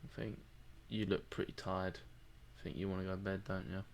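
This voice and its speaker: A man's voice: low voice, flat delivery, fairly quick, a little hiss or hum. A tired man co-hosting a podcast, rambling and joking through a casual late-night chat. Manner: rambling, joking, laughs often. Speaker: podcast co-host.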